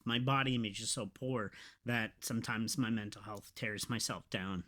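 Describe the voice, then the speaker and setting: A man hosting a podcast, talking in a rambling, emotional, halting way with many fillers. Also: on the low side, steady tone, pushed and bright. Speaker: podcast host. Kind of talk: casual confessional podcast talk.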